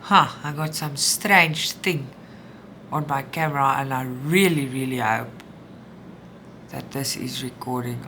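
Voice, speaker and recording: A woman's voice: extremely low pitch, slow pace. A South African woman chatting candidly to viewers at home while she stitches, venting and talking things through. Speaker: cross-stitch vlogger. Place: home room. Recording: home recording with background noise.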